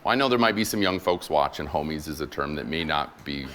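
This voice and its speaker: Deep-voiced man preaching a casual sermon. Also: lively intonation, brisk, fairly bright tone. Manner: casual, playful retelling of scripture with slang; acts out quoted voices in conversational paraphrase. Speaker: guest preacher, military chaplain.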